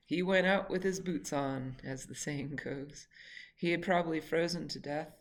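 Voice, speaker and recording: A woman reading her own memoir aloud in a reflective, halting way, sometimes correcting herself mid-sentence. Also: low-pitched.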